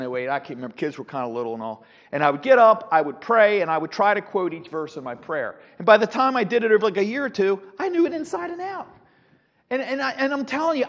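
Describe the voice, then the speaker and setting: A middle-aged man teaching a Sunday school class, animated, with rhetorical questions and frequent restarts. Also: sits high. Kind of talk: Bible teaching. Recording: dull lo-fi sound with long hall reverb.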